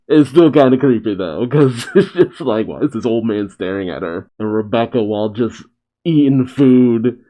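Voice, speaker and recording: A man's voice: on the low side, warm tone. A young man casually reading a manga chapter aloud and commenting, trying light voices for the characters and laughing often. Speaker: manga reaction host.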